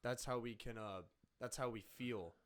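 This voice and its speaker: A teenage boy hosting a casual podcast interview, halting and repeating himself, then lively when acting out examples. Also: mid-range voice. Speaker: podcast host.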